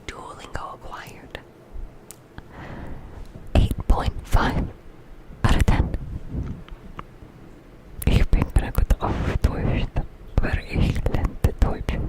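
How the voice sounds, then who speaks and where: A young woman whispering through an ASMR livestream, giggly and self-mocking as she talks straight to her chat. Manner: addresses chat directly. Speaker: ASMR streamer. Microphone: earbuds with a streaming mic.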